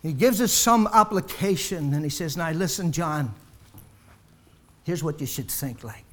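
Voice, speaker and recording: In this sermon a man builds his delivery to loud, insistent crests, then lets it fall low, returning again and again to rhetorical questions. His pace is a little slow, and he becomes short of breath as he proceeds.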